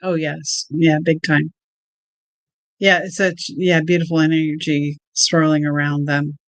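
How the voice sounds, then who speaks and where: A woman's voice: deep voice, little pitch movement, unhurried, no room sound. A woman guest on a spiritual live stream, talking in an earnest, upbeat way. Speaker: guest healer. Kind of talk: conversational interview.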